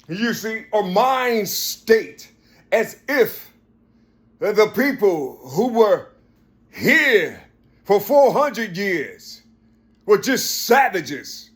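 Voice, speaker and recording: A man delivering an impassioned monologue, asking one rhetorical question after another and rising to a shout. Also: high-pitched. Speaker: spoken-word speaker.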